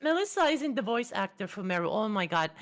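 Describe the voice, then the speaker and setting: A woman vtuber guest chatting playfully and animatedly in a casual interview. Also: medium pitch. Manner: playful, animated, quick with jokes.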